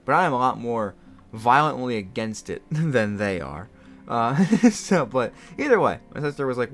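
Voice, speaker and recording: Man, young adult, gaming host, casual storytelling, rambling, laughs often, mid-pitched. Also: sing-song, normal speed, a bit bright, soft background music. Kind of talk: casual storytelling while playing a game.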